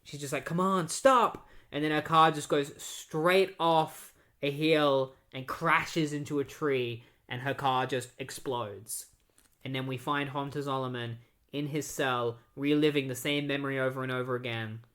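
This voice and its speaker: A man's voice: medium pitch, little pitch movement, a little slow, a bit bright. A man casually recapping comic book issues, rambling with lots of filler words. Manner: rambling, full of "like" and "you know". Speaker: comic book podcast host.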